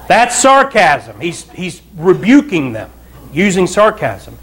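A man's voice: high-pitched, very animated, a little slow, a bit bright, slightly rough. A pastor preaching a conversational sermon to his church, with asides and repeated calls of "Amen?" to the congregation. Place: church sanctuary.

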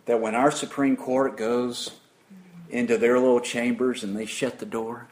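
A man preaching an interactive sermon, putting questions to the congregation in an emphatic, deliberate way. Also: medium pitch, steady tone, darkish tone.

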